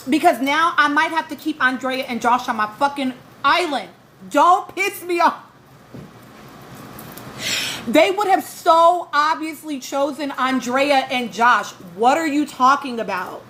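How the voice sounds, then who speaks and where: High-voiced, fired-up woman streamer. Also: measured pace, a little hiss or hum, low-quality recording. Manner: animated, exasperated, profane, greets chatters by name. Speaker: livestream podcast host. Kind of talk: casual live-stream reality TV chat.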